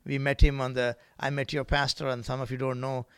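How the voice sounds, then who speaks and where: Gravelly middle-aged preacher from India. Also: male voice, mid-range voice, flat delivery, a little fast, dry recording. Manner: swings from quiet reflection to loud, emphatic exclamations; repetitive, rhythmic preaching with frequent "right?" and "amen?". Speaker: guest preacher. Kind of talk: sermon.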